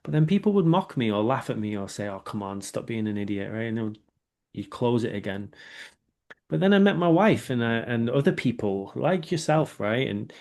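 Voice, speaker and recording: A man, speaking as a guest in a candid, reflective interview and often checking in with a quick 'right?'. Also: mid-range voice, sing-song, vocal fry, darkish tone. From England. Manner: reflective, with many filler words and rhetorical 'right?'.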